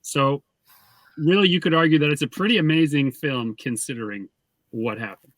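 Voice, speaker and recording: A man reviewing a film in a casual chat, dropping wry, deadpan jokes. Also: a little high, normal speed, dry recording.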